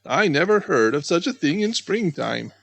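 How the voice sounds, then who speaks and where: A man voicing a very old, wise male frog who speaks gruffly and slowly in a children's story. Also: fairly high pitch, very animated, fairly bright tone, no room sound, exaggerated voice. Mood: doubtful. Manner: gruff, slow and drawn out.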